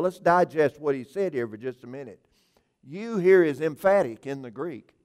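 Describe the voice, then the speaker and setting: A man's voice: medium pitch, a little mellow, clear, resonant tone. A man preaching an evening sermon, earnest and emphatic, repeating key phrases with occasional restarts and filler words.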